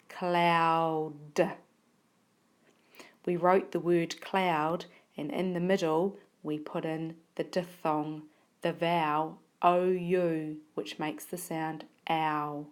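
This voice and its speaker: A woman teacher giving a phonics lesson, sounding out words slowly and carefully. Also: low voice, darkish tone. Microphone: tablet recording.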